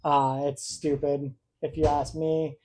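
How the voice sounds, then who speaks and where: A woman's voice: low-pitched, level tone, takes it slowly, warm tone. A young adult woman co-hosting a casual podcast, a blunt, rambling storyteller who laughs at herself. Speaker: podcast co-host. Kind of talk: casual podcast chat, live-streamed.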